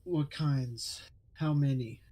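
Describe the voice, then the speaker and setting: A man's voice: fairly high pitch, takes it slowly, warm tone. A man co-hosting a gaming stream, talking in a laid-back, hesitant way. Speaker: streamer co-host. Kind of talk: casual gaming chat.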